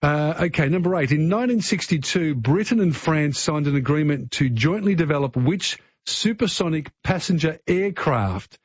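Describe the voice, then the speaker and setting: A man's voice: on the high side, expressive, normal speed, hardly any pauses, slightly rough, no echo, highs cut off. A man hosting a radio talkback quiz, chatty and encouraging, giving callers hints.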